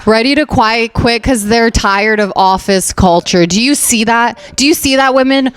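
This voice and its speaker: A woman's voice: fairly high pitch, moderate pace, smooth. A young woman from Afghanistan hosting a comedic podcast at home, chatty and sarcastic, laughing often and filling her talk with "like". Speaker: podcast host.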